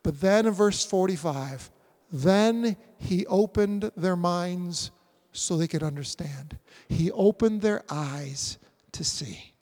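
High-voiced pastor preaching in a hall. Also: male voice, slow pace. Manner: animated, acts out scripture scenes. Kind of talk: sermon.

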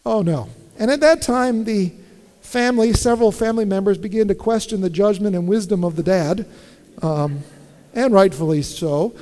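A man's voice: sits high, moderate pace, warm tone, long reverb tail. A male pastor preaching a sermon, emphatic and repeating phrases for stress, with wry humor in his personal stories.

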